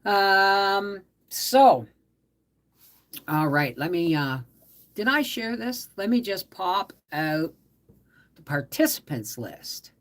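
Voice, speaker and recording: A middle-aged woman hosting a casual live stream, tired from a migraine, talking softly and trailing off as she greets viewers. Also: mid-range voice, very animated. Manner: slow, soft-spoken, trailing off, greeting viewers warmly by name. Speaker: livestream host.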